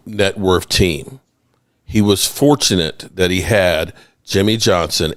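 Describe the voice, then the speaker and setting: A man's voice: sits low, no echo, studio quality. A man hosting a casual sports podcast, talking bluntly and sighing often. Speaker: podcast host.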